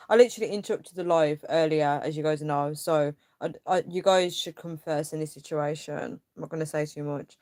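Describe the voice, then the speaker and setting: A woman's voice: low voice, fairly even intonation, a little fast, hardly any pauses, darkish tone, dry recording, clean studio sound. Rambling young woman livestreaming. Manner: rambling, filler-heavy, frustrated venting. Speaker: livestream host. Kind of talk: casual livestream chat reading comments.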